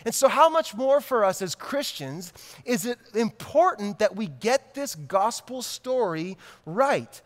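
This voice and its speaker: A man's voice: high-pitched, fairly bright tone. A male pastor in his thirties preaching a sermon in a conversational way, repeating key lines for emphasis. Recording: long hall reverb.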